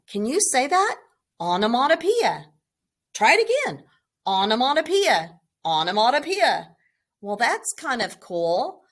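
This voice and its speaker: A woman teacher reading a picture book aloud to children, slow and expressive, then giving a short lesson. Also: on the high side. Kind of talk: children's read-aloud storytime.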